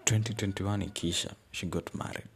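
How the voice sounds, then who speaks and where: A man's voice: deep voice, steady tone, a little fast, vocal fry, a little hiss or hum. A young adult man, telling a personal story in an earnest, reflective way as a podcast host. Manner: earnest, reflective, searching for words.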